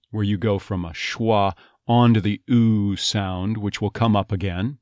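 A man's voice: fairly low pitch, fairly even intonation, normal speed, a little mellow, no echo, clean studio sound. A man working as an accent coach, teaching step by step and demonstrating sounds word by word. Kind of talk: instructional teaching.

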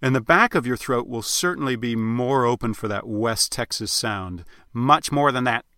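Bright-voiced male accent coach. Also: mid-range voice, normal speed, no echo, studio quality. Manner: clear, explanatory teaching. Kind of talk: recorded accent lesson.

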